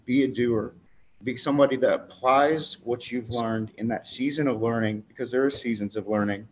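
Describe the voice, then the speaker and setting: A man's voice: mid-range voice, fairly even intonation, moderate pace. A man co-hosting, exhorting listeners to act on what they learn and calling for an amen. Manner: exhorting, call-and-response. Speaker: co-host. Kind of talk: preaching exhortation. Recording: dull sound with faint background noise.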